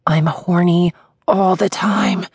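A woman's voice: lowish voice, steady tone, slow, a little mellow, breathy edge, no echo, clean studio sound, full character voice. A woman narrator voicing an exasperated, heavily pregnant young woman who rants in an audiobook. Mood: ranting. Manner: ranting, exasperated. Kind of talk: audiobook character voice.

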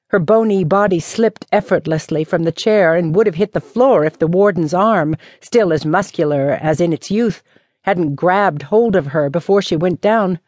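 A woman narrating a mystery novel as an audiobook, with measured, even storytelling. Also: lowish voice, no room sound. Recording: dry studio audiobook.

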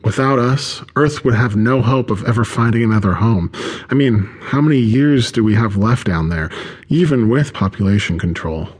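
A man's voice: medium pitch, animated, moderate pace, darkish tone, breathy edge. A man voicing an encouraging male space station officer who talks his crewmate up. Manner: encouraging, reassuring.

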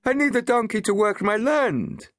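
A man voicing a distraught male village farmer who pleads in a high, wailing voice. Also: sing-song, moderate pace, a bit bright, no echo, studio quality, exaggerated voice. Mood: pleading.

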